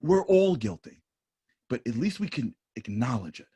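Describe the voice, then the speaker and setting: On a livestream studio panel, an earnest man with a husky, dark, medium-pitched voice gives an impassioned talk in a sing-song way. His manner is confessional, and he speaks in quick bursts with repetitions.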